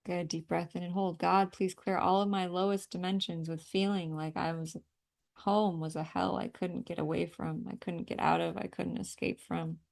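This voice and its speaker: A woman with a low, gravelly voice guides a group through a healing session. She coaches breathing and tapping in an emphatic, outspoken way and does not shy away from swearing. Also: little pitch movement, moderate pace, a little mellow. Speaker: energy healing facilitator. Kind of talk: guided energy clearing session.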